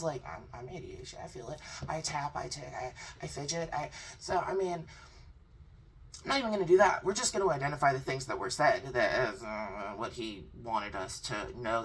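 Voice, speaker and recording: A young woman giving a blunt, sarcastic, profane crypto commentary vlog. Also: deep voice. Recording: distant mic with faint background noise.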